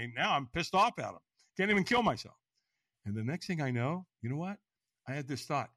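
A man in his sixties, a podcast guest, frankly telling his own story in an animated way and acting out the voices. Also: fairly high pitch, fairly quick, dry recording. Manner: animated, acts out voices and inner dialogue; frank, casual speech. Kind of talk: personal storytelling in an interview.

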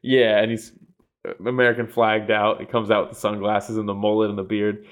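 A man co-hosting a podcast in casual sports chat, excitable, laughing often and swearing freely. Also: fairly low pitch, a little fast. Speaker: podcast co-host.

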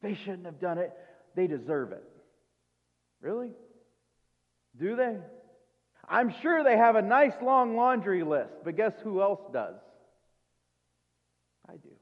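A male pastor with a high voice preaches in an easy, conversational way, firing off rhetorical questions and quick asides. The sound is thin and tinny, like a phone line, and a long reverb hangs after his words. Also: sing-song. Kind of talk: sermon.

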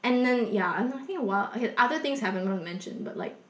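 A woman's voice: a little high, expressive, rapid-fire. Young woman telling her own story, lots of likes and ums, kinda confessional, roomy echo around her. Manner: rambling, filler-heavy, with a soft confessional tone. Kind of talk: casual personal storytelling.

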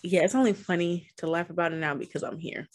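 A woman's voice: on the low side, steady tone, fast. A young woman co-hosting a podcast, casually telling a personal story with frequent laughs, fillers and speech. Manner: laughing often, many fillers, candid. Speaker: podcast co-host.

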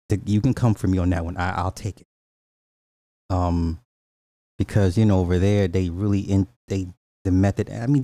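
A low-voiced man with an African American accent delivers casual, profane opinion commentary, often stammering and restarting his sentences. His tone is mellow and warm, and the recording is dry and close. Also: no room sound. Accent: African American Vernacular English. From United States. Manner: reads news quotes aloud and reacts to chat. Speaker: commentary host.

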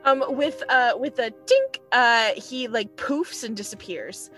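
A woman game master narrating a tabletop role-play in a relaxed, giggly way. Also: fairly high pitch, unhurried, soft background music.

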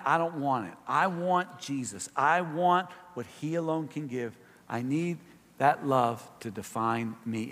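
A man preaching a sermon as pastor to a church congregation, swinging between emphatic, raised exhortations and quieter asides with fillers. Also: mid-range voice. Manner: impassioned, rising to emphatic peaks, frequent fillers in asides. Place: church sanctuary. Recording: long reverb of a large hall.

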